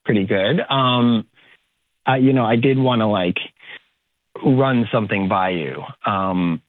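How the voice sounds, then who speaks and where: A man's voice: lowish voice, a little slow, dry recording. A man calling in, talking hesitantly with lots of fillers and restarts. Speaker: caller. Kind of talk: nervous phone call. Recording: tinny dry phone line.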